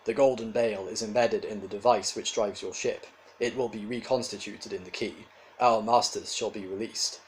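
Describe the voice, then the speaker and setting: A man voicing a cold, lifeless ancient male robot with a cultured rasp, speaking flatly and quietly. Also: on the low side, moderate pace, slight background noise, close to an everyday voice, rough recording.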